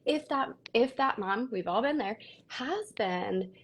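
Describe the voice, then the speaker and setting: A young woman speaks earnestly about parenting over a video call, with a gravelly edge to her voice. A faint noise sits behind her. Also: a little high, a little slow. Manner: earnest, animated storytelling with quoted asides. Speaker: guest, parenting content creator. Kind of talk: casual live video chat.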